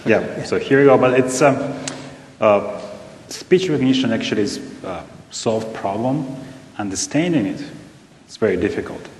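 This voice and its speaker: A man with a Russian accent, a native Russian speaker, answering a question on a panel in a halting way, with many fillers and restarts. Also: animated, darkish tone. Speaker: panelist, robotics company scientist. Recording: echoey hall with faint rumble.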